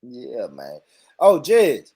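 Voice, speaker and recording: A man's voice: medium pitch, wildly swooping pitch, extremely slow, warm tone, slightly rough, no echo. A middle-aged Southern American man hosting a casual panel chat, playful and laughing often. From Southern United States. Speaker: host.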